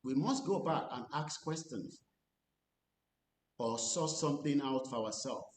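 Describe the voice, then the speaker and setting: A Nigerian man speaking as an activist commentator, switching between English and Yoruba. He talks earnestly and deliberately, pressing on key phrases. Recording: roomy recording with faint rumble.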